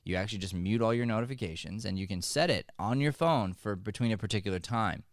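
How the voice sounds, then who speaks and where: A man hosting a podcast as an acting coach, giving motivational advice in an energetic, joking, conversational way. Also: on the low side, fast, no echo, clean studio sound.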